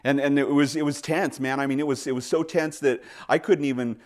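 A pastor in his forties, preaching a conversational sermon with animated storytelling, acting out quoted voices, with frequent self-corrections and asides. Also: mid-range voice, a little fast.

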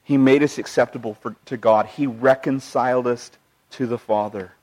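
A man's voice: mid-range voice, fairly even intonation, moderate pace. Earnest male pastor preaching a sermon. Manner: earnest, shifts between emphatic and hushed delivery; quotes scripture and retells personal stories.

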